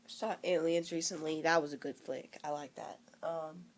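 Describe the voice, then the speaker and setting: A young man in his teens with a cold, rambling casually about movies he likes and dislikes, with frequent halting restarts. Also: fairly high pitch, little pitch movement. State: coming down with a cold. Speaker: vlogger.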